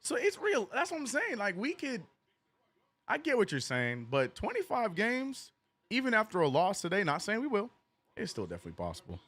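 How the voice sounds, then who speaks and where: A man streaming a live basketball watch-along, calling plays and reading chat with animated, joking frustration. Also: high voice, brisk, no room sound. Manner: animated, joking, reads chat messages aloud; frustrated fan venting and cursing.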